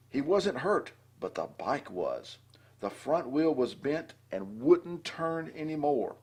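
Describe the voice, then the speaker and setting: An older man with a husky voice reading a children's storybook aloud and adding chatty asides between the lines. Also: fairly high pitch, sing-song, slow, darkish tone. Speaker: storybook reader.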